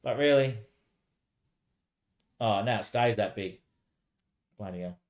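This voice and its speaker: In a rambling solo livestream, a man talks slowly in a fairly low voice, going back and forth with himself. He laughs often and throws in "mate" along the way.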